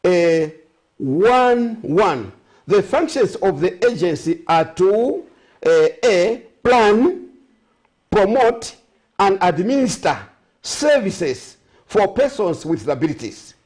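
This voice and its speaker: A man's voice: high voice, big pitch swings, slow pace, a little mellow. A man with a Zambian accent, a guest on a breakfast talk show, speaking in a rambling way with frequent self-corrections and sarcastic asides. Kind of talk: studio talk show discussion.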